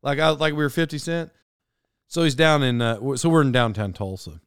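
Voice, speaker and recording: A middle-aged man hosting a podcast, telling rambling personal stories in a casual, animated way and laughing at his own tale. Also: medium pitch, brisk, smooth, no room sound, clean studio sound. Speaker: podcast host. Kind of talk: casual storytelling monologue.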